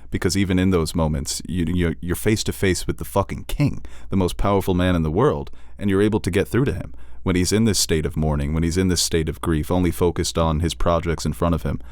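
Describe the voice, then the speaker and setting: A man co-hosting a podcast in casual chat, animated and quick to swear and laugh, with a Long Island accent. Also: low voice, no echo, studio quality. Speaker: podcast co-host.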